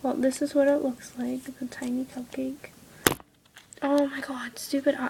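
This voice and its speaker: A woman's voice: high-pitched, little pitch movement, a little slow, creaky. Girl half-whispering a craft tutorial. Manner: half-whispered, apologetic, easily irritated. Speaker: craft video maker. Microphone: iPod camera close by. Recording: faint background noise.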